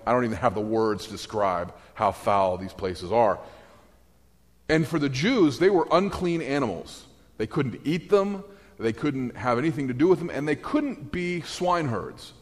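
A man preaching a sermon in a conversational, animated way, with asides and restarts. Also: mid-range voice, unhurried. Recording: echoey hall.

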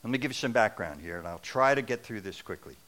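A man's voice: lowish voice, animated, fast talker, a bit bright. A middle-aged man preaching a sermon in an earnest, conversational and wry manner.

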